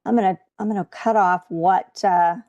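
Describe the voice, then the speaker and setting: A woman's voice: medium pitch, fairly even intonation, moderate pace, a little mellow, lo-fi sound. A woman coaching viewers through a live trading webcast in a chatty way, often checking in with "okay?".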